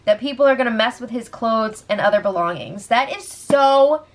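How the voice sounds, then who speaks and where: A woman's voice: a little high, lively intonation, moderate pace. A woman hosting a casual reality show recap, blunt and often swearing.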